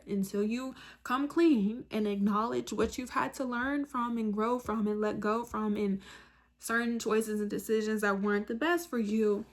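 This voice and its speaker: A woman talking straight to her viewers with motivational advice, earnest and direct, counting off her points one by one. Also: fairly high pitch. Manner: repeats phrases for emphasis, says "like" often. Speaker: self-help video host. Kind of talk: motivational monologue to camera.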